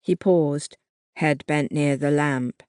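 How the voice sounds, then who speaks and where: Slow, measured audiobook narrator. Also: medium pitch, fairly even intonation, a little mellow, clear, resonant tone, dry recording, clean studio sound. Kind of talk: scripted narration.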